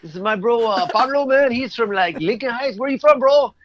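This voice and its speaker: A man putting on the voice of a friendly young male soccer fan who talks in excited bro slang. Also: extremely high pitch, fairly quick, dry recording, muffled recording, voice pushed up.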